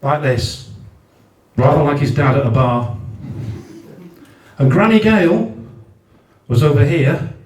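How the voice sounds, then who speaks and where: A man's voice: on the high side, expressive, slow pace, pauses often, darkish tone. A man from South Wales doing a stand-up set at a comedy night, ranting in exasperation and swearing heavily. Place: large function room at a comedy night. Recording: roomy live venue, mic at a distance.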